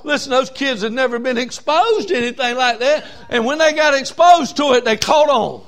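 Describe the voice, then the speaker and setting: A man preaching a sermon in a voice that sits high for a man. He tells folksy stories, building from soft asides to full shouts. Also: normal speed.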